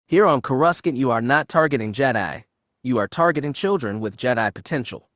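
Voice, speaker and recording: An ancient Sith spirit, cold and contemptuous, speaks low with an archaic accent and a hiss, as a man puts him on in a storybook reading. The voice sits in a middle register and sounds dry and close. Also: animated, brisk, no room sound, lightly acted. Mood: chastising. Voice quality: quiet, hissing.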